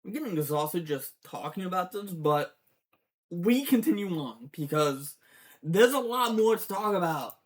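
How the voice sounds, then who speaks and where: A fan talking through a cartoon series in a slow, unhurried ramble. The voice sits at an ordinary middle pitch and drifts between theories and heartfelt outbursts. Profanity comes often and easily. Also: lively intonation. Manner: rambling, swears often, gets teary. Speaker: fan commentator. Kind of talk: casual show breakdown.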